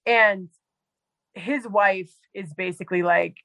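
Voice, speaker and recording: A woman on a podcast tells a story in a loose, chatty way, leaning on "like" and small fillers as she goes. Her voice sits at a middle pitch. The sound is dry and close, with no room echo. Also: a little slow, fairly bright tone. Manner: chatty, heavy use of "like" and fillers. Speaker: podcast guest; medical provider. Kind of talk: casual storytelling.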